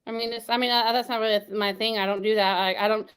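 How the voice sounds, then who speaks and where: A woman guest talks fast and rambles from thought to thought, full of restarts and fillers. Her voice is a little high. She rushes through long run-on sentences. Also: fairly even intonation, fairly bright tone, clean tone. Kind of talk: casual interview talk.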